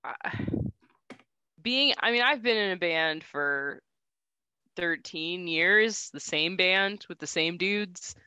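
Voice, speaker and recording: Female co-host, smooth clear voice, casual banter. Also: lowish voice, bright, forceful tone, dry recording. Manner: chatty, swears, quick reactions. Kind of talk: casual podcast chat.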